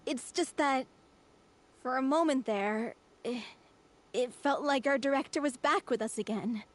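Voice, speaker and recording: A woman voicing a gentle, soft-spoken young troupe member in a game cutscene, speaking fondly. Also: high-pitched, measured pace, slight background noise. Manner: warm, fond reminiscing. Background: music.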